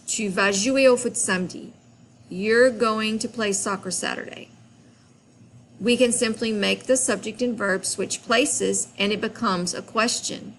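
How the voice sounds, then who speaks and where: A woman walks through French grammar in a recorded classroom lesson. She explains at a slow, unhurried pace, patient and clear. A faint hiss of noise sits behind her voice. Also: a little high, a bit bright. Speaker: French teacher.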